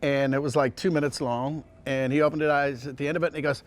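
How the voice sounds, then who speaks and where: A male voice actor telling casual anecdotes in an interview, rambling with many restarts and sliding into quick impressions. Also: a little high, steady tone, a little hiss or hum. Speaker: voice actor guest.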